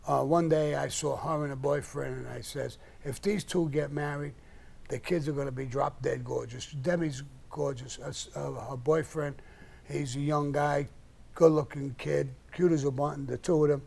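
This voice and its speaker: Fielding questions on his live stream, this older man tells casual, blunt stories full of profanity. His gravelly voice is fairly high and a bit dark, with fairly even intonation at a normal speed.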